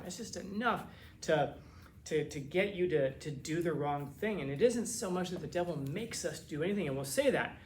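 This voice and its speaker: A man's voice: a little high, reverberant, a little hiss or hum. A man teaching a classroom lecture in a casual, conversational way, often repeating words as he searches for phrasing.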